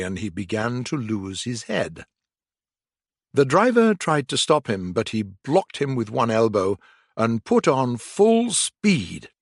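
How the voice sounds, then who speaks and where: A man reads a children's story aloud at a very slow, careful pace. His pitch rises and falls in a lively way, with a slightly raised voice. The recording is close and dry. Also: dry recording. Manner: slow, deliberate reading for learners. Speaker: audiobook narrator. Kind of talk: scripted storybook narration.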